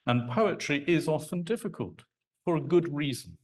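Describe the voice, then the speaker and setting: A man giving a live lecture on poetry to an audience, talking in an animated, conversational way and acting out sounds and rhythms. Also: fairly high pitch, normal speed. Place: lecture hall.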